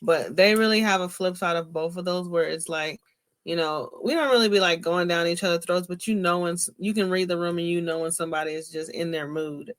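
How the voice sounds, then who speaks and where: A woman's voice: lowish voice, fairly even intonation, brisk. A middle-aged woman co-hosting a casual podcast chat, reflecting and giving advice in a rambling way with fillers. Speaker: podcast co-host.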